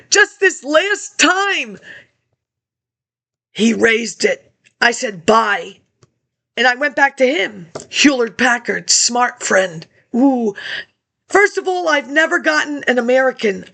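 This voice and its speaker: A woman's voice: high voice, gravelly, fairly bright tone. A woman talking in a rambling monologue into a laptop webcam, jumping between topics and reading old documents aloud.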